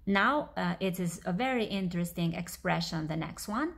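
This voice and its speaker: A woman with an Albanian accent teaching her language, explaining words slowly and repeating them. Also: fairly low pitch, expressive, gravelly, breathy edge. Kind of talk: language lesson reading a story aloud.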